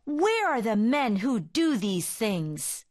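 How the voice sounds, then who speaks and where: Storybook girl pair, woman reader: calm, firm, reassuring, lively. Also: on the high side, slow, full character voice. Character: two calm determined girls.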